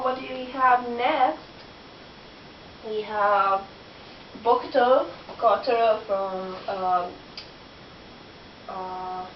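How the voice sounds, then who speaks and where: A young woman cosplayer chatting casually, giggling often until she is crying with laughter. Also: mid-range voice. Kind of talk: casual chat. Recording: echoey room, far from mic, dull lo-fi with hiss.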